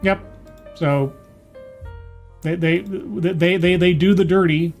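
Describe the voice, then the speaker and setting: A man's voice: high-pitched, steady tone, slow pace, a little mellow, faint music behind. A man giving a casual, sarcastic recap and review of a TV episode. He mocks the writing and sighs at the plot. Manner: sarcastic, mocking, sighing. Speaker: TV show reviewer.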